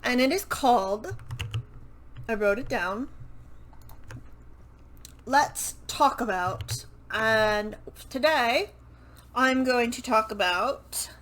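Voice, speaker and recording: A book vlogger with a fairly high, slightly bright voice turns to her microphone and chats casually about a book series. She rambles, corrects herself mid-thought, and swears now and then, with slight background noise on a rough recording.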